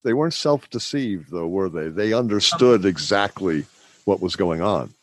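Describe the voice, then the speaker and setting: A male podcast host with a low voice makes calm, reflective comments to his guest. His sound is close and dry, with no room echo. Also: moderate pace. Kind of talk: conversational podcast interview.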